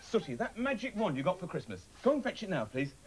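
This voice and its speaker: A man's voice: high voice, very animated, fast talker. A man presenting a children's TV show, coaxing and cheering children in a playful, cheerful way, in a noisy TV recording. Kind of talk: lively talk to children.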